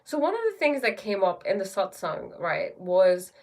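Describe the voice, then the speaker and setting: A woman's voice: medium pitch, very animated, moderate pace, vocal fry, darkish tone. A woman with an English accent, a spiritual teacher chatting casually on a live stream, reading viewer comments aloud and answering them. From England.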